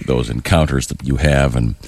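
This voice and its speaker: A man's voice: very deep voice, moderate pace, gravelly, background noise. A male morning radio host taking calls and laughing along playfully.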